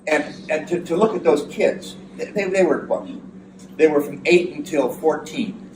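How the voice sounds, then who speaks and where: A man's voice: a little high, normal speed. Older man giving an echoey hall talk. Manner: earnest, emphatic, repeats words. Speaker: psychotherapist. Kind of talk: speech to an audience. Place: hall at a veterans' event. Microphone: far from the mic. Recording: echoey room from far off with audience noise.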